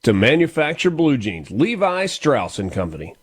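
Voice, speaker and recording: A man's voice: medium pitch, sing-song, normal speed, breathy edge. A man hosting a morning radio talk show, chatting casually and reading birthdays and sponsor spots. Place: radio studio.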